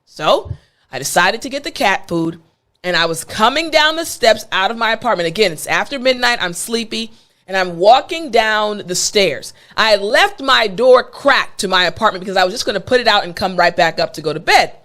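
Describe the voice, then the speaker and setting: Animated American woman telling a story. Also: mid-range voice, moderate pace. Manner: animated, playful, conversational. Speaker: English teacher. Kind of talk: storytelling lesson.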